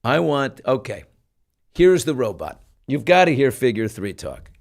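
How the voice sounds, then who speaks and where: A man's voice: medium pitch, big pitch swings, moderate pace, darkish tone. A middle-aged man hosting a podcast, commenting casually with lots of fillers and an incredulous tone. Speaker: podcast host.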